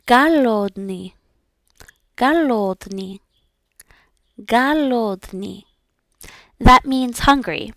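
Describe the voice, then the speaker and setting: A woman's voice: on the high side, animated, drawn-out words, pauses often, fairly bright tone, no room sound, clean studio sound. A woman practicing pronunciation, repeating each word several times and then explaining the sounds in a modest, encouraging way. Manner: self-effacing and encouraging. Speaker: language learner practicing aloud.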